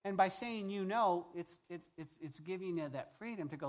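A male pastor delivering a sermon with a somewhat higher voice than most men. He preaches in an animated way, rising to loud emphasis and dropping to soft, hushed asides, and keeps asking the congregation if they follow. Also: moderate pace.

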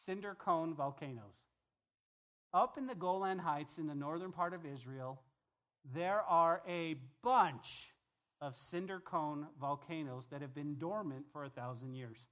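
A male pastor giving a sermon, talking to the congregation in a lively, conversational way and reading scripture softly at the close. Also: fairly high pitch, measured pace. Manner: animated, conversational preaching with asides to the congregation.

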